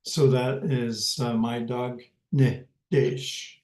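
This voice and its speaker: A man teaching a language class slowly and patiently, pausing often and repeating words as he explains them. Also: mid-range voice, a little mellow. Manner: hesitant, many pauses and fillers, repeats words. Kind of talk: slow, patient language lesson. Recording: roomy echo.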